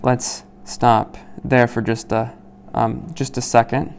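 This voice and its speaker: A man leading a small Bible study group. He reads scripture aloud, then explains it in a loose, conversational way, asking "right?" often and pausing with "um.". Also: mid-range voice, little pitch movement, creaky, a little hiss or hum. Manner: many "um"s and restarts while explaining.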